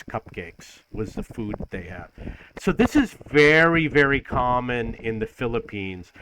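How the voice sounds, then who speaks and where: In an audio-only rant, this New Yorker complains with exasperation, going over the same points and imitating people in lists. He has a mid-range, bright, forceful and clean voice, captured in a low-quality recording.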